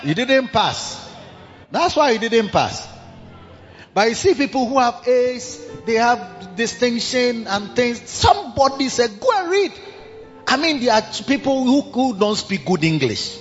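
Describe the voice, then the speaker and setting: An older man with a Ghanaian accent preaching a sermon in an animated way, bursting into shouts and slipping in local phrases. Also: extremely high pitch, a little slow. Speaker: pastor. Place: large cathedral hall. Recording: dull reverberant hall with music.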